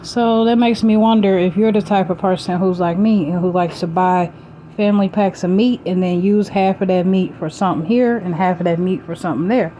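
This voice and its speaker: A young woman, hosting a cooking vlog in her home kitchen and chatting excitedly to her viewers. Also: on the low side, fairly quick, lo-fi sound, a little hiss or hum. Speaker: cooking channel host. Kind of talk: casual cooking vlog talk.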